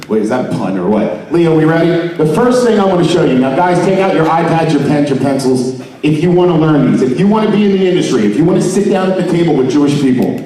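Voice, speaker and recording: A man's voice: a little high, sing-song, quick pace, warm tone. A man giving a joking mock seminar to a live audience at an expo, playfully getting the crowd to repeat words after him. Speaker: presenter at a trade expo. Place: large expo hall with an audience. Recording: echoey hall, voice picked up from far off.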